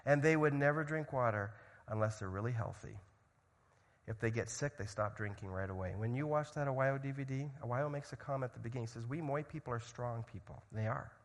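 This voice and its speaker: A man preaching a sermon as a missionary, swinging from loud urgency to hushed storytelling. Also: mid-range voice, brisk, in a large hall. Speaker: missionary speaker.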